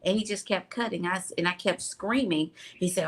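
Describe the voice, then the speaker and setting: A woman's voice: fairly low pitch, fairly quick, breathy edge. A woman co-hosting a talk show, telling a personal story in an earnest, emotional way. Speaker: co-host. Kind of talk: casual talk show chat.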